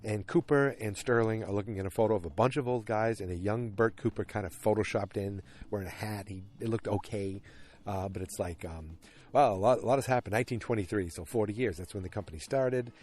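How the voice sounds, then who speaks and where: Rambling, low-voiced male podcast host. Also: fairly quick, a little mellow. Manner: rambling, chatty, many fillers. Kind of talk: casual episode recap.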